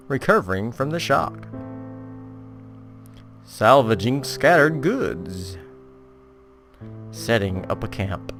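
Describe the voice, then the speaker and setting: A man's voice: medium pitch, fairly bright tone. A man giving casual, playful, self-mocking commentary on a video game. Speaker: let's play gamer.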